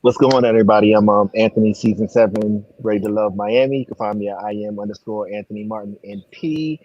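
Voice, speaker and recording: A man's voice: on the low side, quick pace, darkish tone, lo-fi sound. A man speaking as a guest on a panel show, easygoing and thoughtful. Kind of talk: casual panel chat.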